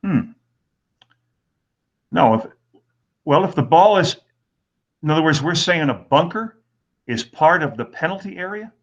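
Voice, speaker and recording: A man in his sixties teaching golf rules in a webinar, talking in a relaxed, halting way with many fillers. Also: a little high. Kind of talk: webinar lecture with anecdotes. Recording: dull lo-fi webinar audio.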